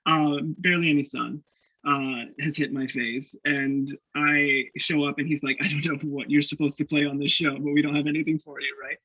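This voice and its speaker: A young man from Canada, a guest actor telling stories in a casual interview, animated and laughing, acting out the voices he quotes. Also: a little high, normal speed, no room sound. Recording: dull lo-fi dry sound.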